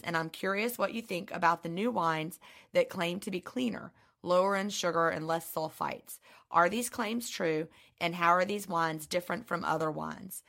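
A hoarse woman with a subtle Southern twang co-hosts a casual podcast, reading listener questions aloud and chatting with easy laughs. Her voice sits fairly low, with a gravelly, creaky edge and a bright, forward tone. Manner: chatty, laughs often, reads letters aloud. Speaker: podcast co-host.

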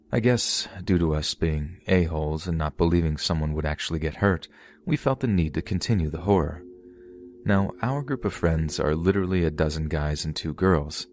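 A man reading true scary stories aloud in a steady, measured narration. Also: rumbling low. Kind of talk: scripted horror story narration.

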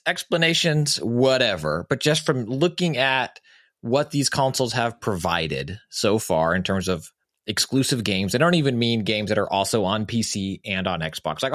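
Brief: a male co-host, casual opinionated chat, medium pitch, dry close mic. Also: a bit bright, no room sound.

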